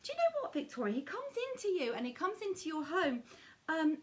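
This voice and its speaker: A woman's voice: extremely high pitch, sing-song, brisk. A woman giving a live-streamed psychic reading, speaking in a soothing, intimate way full of endearments.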